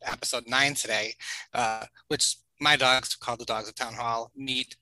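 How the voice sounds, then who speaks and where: A man in his forties talks as a podcast guest, rambling through his stories with plenty of fillers and soft laughs. His voice is strikingly bright, and it sounds dry and close with no room around it. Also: mid-range voice, steady tone, measured pace, no echo, poor audio. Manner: rambling and chatty, with filler words and chuckles. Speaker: podcast guest, family video creator. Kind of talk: casual storytelling interview.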